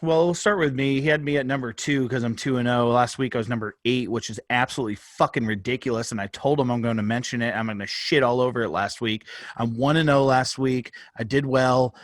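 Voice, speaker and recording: A man's voice: medium pitch, a little fast, no room sound, studio quality. A man co-hosting a casual sports podcast, rambling and joking, swearing freely. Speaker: podcast co-host. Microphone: phone held up, on video.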